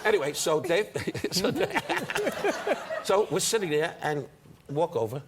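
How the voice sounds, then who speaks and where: A man's voice: fairly high pitch, animated. An older man, a guest comedian trading needling insult-comedy banter in a television studio. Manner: brash, needling, rapid-fire put-downs. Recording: studio audience laughter, noisy broadcast.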